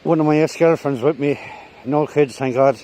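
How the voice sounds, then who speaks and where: A man's voice: fairly high pitch, moderate pace, mellow, rough recording. Middle-aged man, rambling, swearing, slightly winded, outdoors on a chest mic with faint background noise. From Ireland. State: slightly out of breath. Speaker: vlogger. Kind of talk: casual walking vlog storytelling. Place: outdoors on a woodland path. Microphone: chest-mounted camera.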